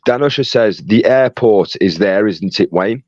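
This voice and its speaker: Guy reading stream chat out loud, joking around, kinda low voice, dry muffled audio. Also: a little slow, no echo. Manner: reads out chat messages, jokey and chatty. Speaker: co-host reading live chat. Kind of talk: casual livestream chat.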